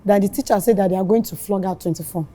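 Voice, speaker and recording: A woman with a Nigerian accent recounting an incident as a mother being interviewed, animated and tearful, acting out the dialogue. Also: mid-range voice, quick pace. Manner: animated, reenacts dialogue in Pidgin.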